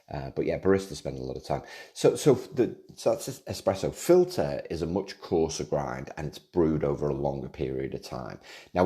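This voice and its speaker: A man's voice: very deep voice, creaky, dark tone. A man hosting a casual solo podcast, rambling along with frequent restarts, repeated words and self-deprecating jokes. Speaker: podcast host.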